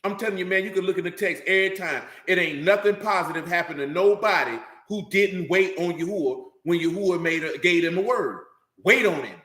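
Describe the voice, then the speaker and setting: A man preaching with raw intensity, firing off street slang and challenges at his listeners. His voice sits fairly high and rings around an echoey room. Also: brisk, bright, forceful tone. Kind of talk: fiery street-talk sermon.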